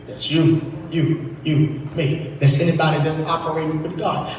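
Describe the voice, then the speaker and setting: A man preaching a sermon as pastor, rising into shouted and sung climaxes and stretching out words. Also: on the high side, steady tone, a little slow. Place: church sanctuary. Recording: echoey church hall from far off.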